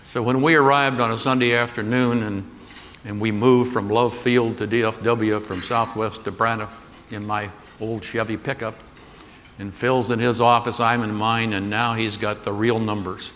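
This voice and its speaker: Un hombre mayor, de voz algo grave y timbre brillante, cuenta anécdotas con aire campechano en una conferencia. Su voz resuena en una sala grande con eco largo, y se oye un leve ruido de fondo. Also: male voice, on the low side, little pitch movement, moderate pace, a bit bright. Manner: folksy anecdotal storytelling with quoted dialogue. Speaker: keynote speaker. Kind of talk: storytelling keynote. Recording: echoey hall with faint noise.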